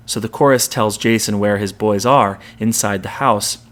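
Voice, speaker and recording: A man's voice: on the low side, fairly even intonation, normal speed, few pauses, fairly bright tone. Man retelling a Greek tragedy. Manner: dramatic storytelling with quoted lines. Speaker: podcast host.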